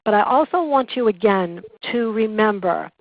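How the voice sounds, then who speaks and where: Woman trainer leading a webinar, calm, earnest teaching manner; thin phone-quality recording with no room sound. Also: medium pitch, moderate pace, no echo. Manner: calm, earnest, instructive storytelling. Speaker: patient relations coordinator teaching a class. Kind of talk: webinar presentation. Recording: tinny phone-like dry recording.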